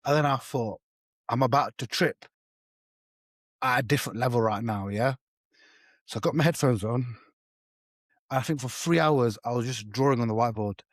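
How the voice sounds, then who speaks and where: Podcast co-host, mid-pitched voice, lively street-slang storyteller, dry close sound. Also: male voice, normal speed, pauses often, dry recording. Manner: slangy, animated storyteller, swears freely. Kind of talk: casual storytelling chat.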